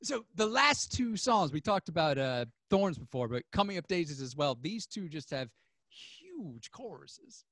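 A man hosting a casual interview podcast, relaxed and a bit hesitant as he asks about the music. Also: fairly high pitch, measured pace. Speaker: podcast host.

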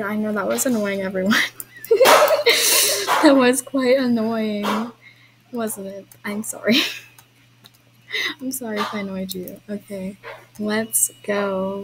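A young woman with a mid-range voice offers casual commentary while hosting a trail ride in an online horse-riding game, apologizing with little laughs as she talks to viewers. The background is noisy.

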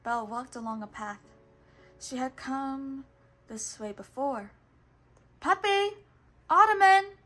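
A woman with a fairly high voice reads a children's storybook aloud, steady and patient, occasionally pausing to fix a word before continuing. Soft, unhurried music plays in the background.

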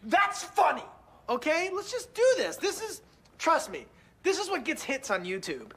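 A man's voice: very high voice, wildly swooping pitch, moderate pace, a bit bright, exaggerated voice. An actor playing a pushy, scheming man who bosses others around and laughs while he talks.

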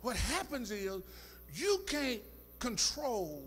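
A male pastor preaching a sermon in rhythmic call-and-response style, rising into shouts and half-sung phrases. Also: very high-pitched, big pitch swings, slow pace, husky, big-room sound, soft background music. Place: church sanctuary.

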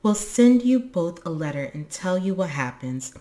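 A woman's voice: fairly low pitch, big pitch swings, dark tone, roomy sound. A woman voicing a kindly, polite mother troll creature in a storybook reading. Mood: gentle. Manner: polite, motherly, briskly eager.

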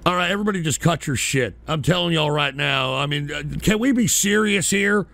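A man's voice: fairly high pitch, animated, brisk, vocal fry, pushed and bright. A man hosting a call-in radio show, rambling through viewer names with brash, profane, mock-indignant banter.

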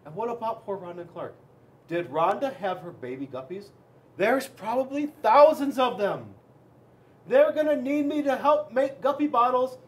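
A man, a police officer, reading a children's storybook aloud in an expressive, dramatic way with big swings in loudness. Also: very high-pitched, normal speed.

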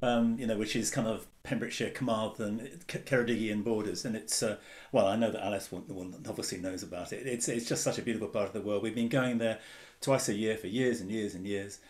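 A man's voice: lowish voice, fairly even intonation, a little fast. Teasing man chatting on a video call. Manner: teasing and jokey. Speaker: publisher on a panel. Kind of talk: casual panel chat.

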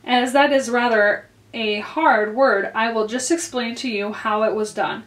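A woman's voice: a little high, measured pace. Woman reading a storybook aloud in a roomy room. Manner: clear, expressive read-aloud. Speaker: librarian reading to children. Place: library. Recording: roomy echo.

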